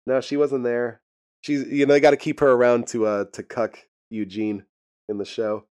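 Dude rambling thru a show recap, laughs a lot, swears, just casual chat. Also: male voice, mid-range voice, level tone, moderate pace, a little mellow, clean tone. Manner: rambling, laughs often, profane. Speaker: podcast host recapping a TV episode.

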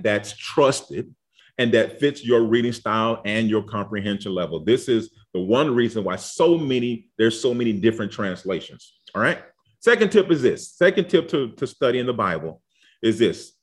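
A man giving an informal Bible study lesson, talking conversationally and often checking in with "okay?" and "all right?". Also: medium pitch. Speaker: Bible teacher. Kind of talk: casual teaching talk.

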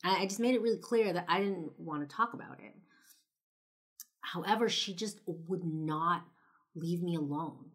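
A young woman from Los Angeles talks straight to camera in a low, deep-set voice. Her delivery is loose and conversational, scattered with "like" and "you know", and she swears bluntly as she tells her story. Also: normal speed, breathy edge. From Los Angeles, United States. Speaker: vlogger.

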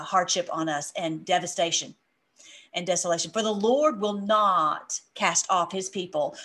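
Animated woman preaching from scripture. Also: on the low side. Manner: animated, laughing often, quoting scripture. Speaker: online preacher. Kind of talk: informal Bible teaching.

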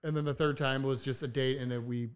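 A man's voice: mid-range voice, fairly even intonation, quick pace, clear, resonant tone. A man telling a story in casual podcast chat, acting out quotes with a raised voice. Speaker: podcast co-host.

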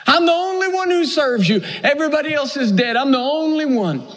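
A despairing prophet moans that he is the last one left, as a preacher acts him out. The voice rides high and swings widely in pitch. A long hall reverb trails each word. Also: expressive, a little fast, a bit bright. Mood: self-pitying. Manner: whining, complaining. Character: despairing self-pitying old prophet, man. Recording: echoey hall.

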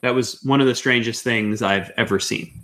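A man's voice: medium pitch, fairly even intonation, normal speed, a bit bright, close to an everyday voice. A man voicing an honest, long-serving male police detective in a tabletop game, speaking plainly.

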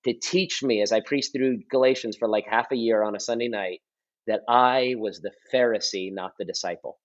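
A man in his thirties, a pastor, telling his testimony in a relaxed podcast conversation, earnest and repetitive for emphasis. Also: on the low side, moderate pace. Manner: earnest storytelling, repeats and restarts phrases for emphasis. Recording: slightly dull lo-fi audio.

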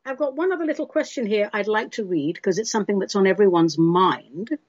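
A British woman hosts a spiritual call-in show, answering listener questions in a chatty, theatrical way and calling people love and darling. Her voice is husky and breathy. The recording sounds dull and muffled. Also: medium pitch, expressive, brisk, a little mellow, no room sound.

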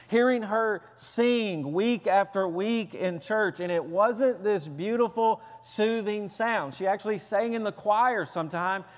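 Pastor from the American South, male, high voice, earnest storytelling sermon, long echo of a church hall. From Southern United States. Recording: long reverb of a large hall.

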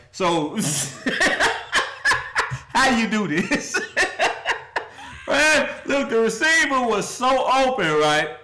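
A man's voice: sits high, pushed and bright. A man hosting a football show, mocking losing teams in casual trash talk and laughing often.

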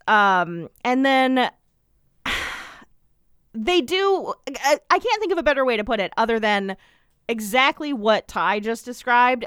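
A woman's voice: a little high, a bit bright, clean tone, no echo, clean studio sound. A woman co-hosting a podcast, retelling scenes in a wry, rambling way with lots of fillers. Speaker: podcast co-host. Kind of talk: casual recap chat.

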